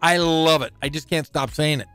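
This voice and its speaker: A man's voice: on the high side, fairly even intonation, normal speed, a bit bright, smooth, no echo, faint music behind. A man co-hosting a local radio sports show, goofing around and riffing on words. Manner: goofy, repeats words for fun. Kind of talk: casual radio banter.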